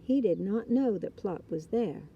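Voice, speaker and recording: A woman reading a children's book aloud in a gentle, expressive storytelling style. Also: medium pitch, measured pace, vocal fry, slightly rough, muffled recording. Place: outdoors in a hammock.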